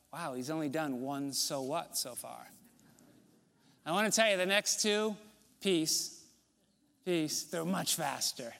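A man preaching a sermon as pastor, conversational with rhetorical questions, often dropping to a soft, low voice. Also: long reverb tail.

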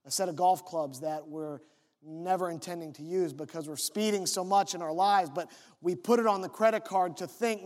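Male pastor, conversational storyteller, higher voice, reverberant sanctuary. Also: moderate pace. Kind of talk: sermon.

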